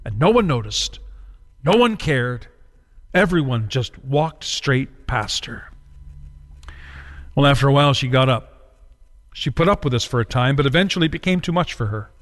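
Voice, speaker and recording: A man preaching a sermon dramatically, moving between slow solemn phrases and quick urgent runs. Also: a little high, fairly bright tone, long reverb tail.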